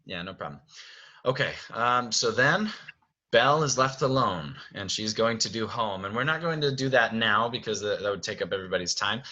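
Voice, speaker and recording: A man's voice: on the low side, lively intonation, normal speed, pushed and bright, muffled recording. A man directing a show, explaining stage blocking in a friendly way and thinking aloud. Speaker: theater director.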